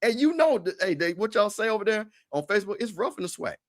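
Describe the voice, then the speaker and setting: High-voiced man trash-talking. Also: fast. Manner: animated, repetitive, trash-talking with stammered restarts. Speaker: show host. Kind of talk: casual livestream trash talk.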